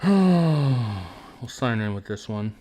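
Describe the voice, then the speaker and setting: A man's voice: medium pitch, very animated, drawn-out words, warm tone. A young man hosting a casual livestream and chatting in a rambling, joking way, full of fillers. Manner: rambling, laid-back, joking, many fillers. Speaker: show host.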